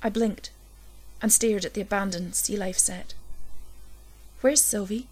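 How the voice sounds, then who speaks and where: A woman reading a dark first-person story aloud, low and intense, swelling at the tense moments. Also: steady tone, moderate pace. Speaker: narrator. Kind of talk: scripted horror story reading.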